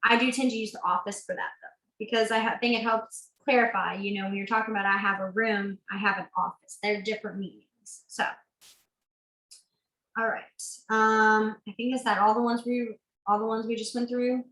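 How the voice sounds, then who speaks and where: A woman's voice: on the high side, little pitch movement, moderate pace, a bit bright, echoey room, rough recording. A woman teaching a beginners' sign language class, chatty and self-correcting, laughing easily. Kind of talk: online class instruction.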